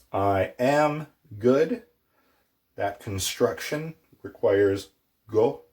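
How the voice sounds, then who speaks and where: A man teaching a casual language lesson, playful, with jokey asides and slow repeated words for pronunciation. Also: fairly low pitch, darkish tone.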